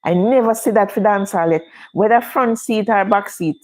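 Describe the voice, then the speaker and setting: A woman's voice: mid-range voice, moderate pace, a little mellow, poor audio. A middle-aged Jamaican woman with a Jamaican accent, chatting casually to viewers on her own livestream. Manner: chatty, speaks Jamaican English. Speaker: livestream host.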